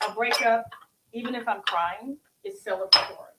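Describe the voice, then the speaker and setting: Middle-aged woman chatting over wine, kinda high voice, lots of exclaiming, noisy background with clicks. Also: normal speed. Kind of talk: casual chat over wine.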